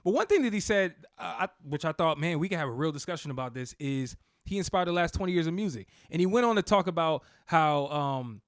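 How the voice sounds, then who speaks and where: A man's voice: on the high side, quick pace, few pauses, dry recording, clean studio sound. A man co-hosting a podcast, telling stories in casual chat with plenty of fillers. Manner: relaxed storytelling with fillers. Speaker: podcast co-host. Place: podcast studio.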